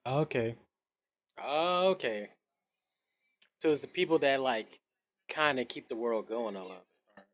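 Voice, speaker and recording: This gamer's mid-range voice is a bit bright; he speaks a little slowly and pauses often. It's casual stream chat with his audience, rambling, with occasional swearing and bits of scat humming.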